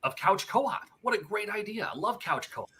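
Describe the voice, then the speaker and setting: A man in a played-back video, talking about couch co-op with halting, hedging phrasing. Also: high voice, lively intonation, bright, forceful tone. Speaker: video presenter. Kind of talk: casual video commentary.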